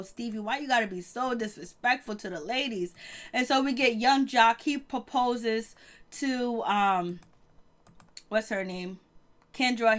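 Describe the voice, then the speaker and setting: A woman with a fairly high voice recaps reality TV gossip in a loose, chatty way. She laughs often and trails off mid-thought before picking the thread back up.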